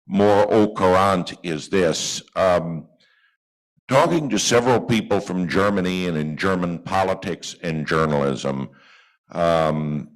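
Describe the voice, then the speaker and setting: A man, a reporter, introducing himself and asking a measured question at a press conference. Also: sits low, rough recording.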